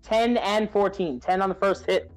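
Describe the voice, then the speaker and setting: A man playing in a tabletop game, calmly calling out his dice rolls. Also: high-pitched. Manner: unhurried, calls out dice rolls. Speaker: player. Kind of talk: casual tabletop play.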